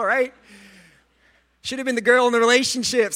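A male pastor delivering a sermon in a high, bright, ringing voice. He speaks earnestly and with animation, often stumbling over repeated words. He drops in self-mocking jokes along the way. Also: fairly even intonation, a little fast. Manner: self-deprecating humor.

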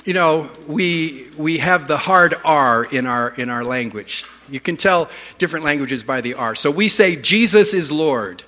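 A man's voice: a little high, moderate pace, hardly any pauses, big-room sound. A middle-aged Canadian man preaching a sermon in a church, telling funny stories. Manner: humorous storytelling, lively. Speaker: pastor.

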